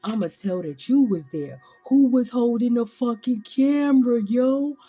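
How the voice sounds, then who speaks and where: A woman voicing a brash, threatening tough talker in a put-on New York accent, loud and boastful street talk. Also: fairly high pitch, measured pace, breathy edge, soft background music, pitched above the performer's own voice.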